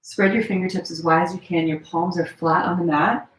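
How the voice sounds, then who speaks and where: A woman teaching a gentle yoga class, giving relaxed, chatty cues with many fillers while she demonstrates the poses, a little strained as she holds them. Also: lowish voice, a little fast. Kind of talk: live-streamed yoga class instruction. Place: room at home. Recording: echoey room.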